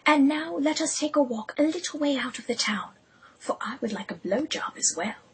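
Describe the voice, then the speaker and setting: A woman voicing a rough, tired male dog in a lowered, breathy whisper, as whispered role-play. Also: lively intonation, moderate pace. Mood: weary.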